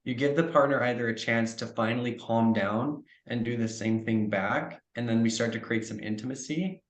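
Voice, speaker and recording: A man's voice: mid-range voice, moderate pace, reverberant. A man coaching on relationships in a podcast interview, earnest and reflective, acting out little example dialogues. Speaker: trauma coach, podcast guest.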